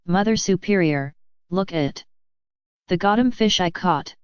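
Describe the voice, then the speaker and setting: A woman's voice: on the low side, measured pace, clean tone, no echo, highs cut off, lightly acted. A woman voicing a prim, innocent nun in a polite tone.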